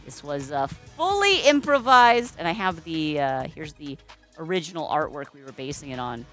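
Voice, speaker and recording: A woman's voice: sits low, very animated, moderate pace, fairly bright tone, faint music behind. A woman hosting a casual livestream as a balloon artist, chatty and playful, greeting viewers and making puns. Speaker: balloon artist streamer host.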